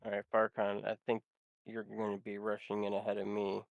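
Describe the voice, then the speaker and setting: A man's voice: on the low side, monotone, fairly quick, vocal fry, dry recording, muffled recording. A man playing a tabletop game, talking casually with the others. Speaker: player. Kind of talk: casual tabletop role-play.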